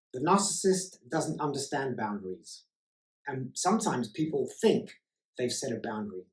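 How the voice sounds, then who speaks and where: A male life coach gives a motivational self-help talk at a middle pitch. He is emphatic and hammers his points home by repeating key words. The sound is roomy, with a clear echo around him. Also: darkish tone.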